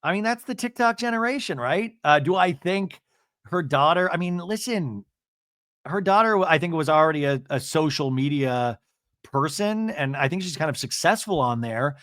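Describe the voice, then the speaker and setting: Animated, chatty man recapping reality TV. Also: a little high, normal speed, no echo, clean studio sound. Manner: animated, chatty, with frequent fillers. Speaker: podcast host.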